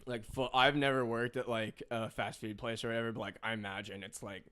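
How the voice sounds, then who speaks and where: A man's voice: mid-range voice, little pitch movement, fairly quick, bright, forceful tone. Young man rambling through a funny story. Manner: rambling storytelling full of fillers and laughs. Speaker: podcast co-host. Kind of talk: casual chat.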